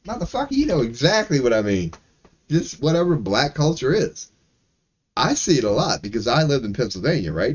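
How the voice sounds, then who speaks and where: A man's voice: medium pitch, dull audio. A man from Maryland, a streamer, ranting casually with lots of swearing and laughing asides. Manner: profane, animated, laughing asides. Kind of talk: casual livestream rant.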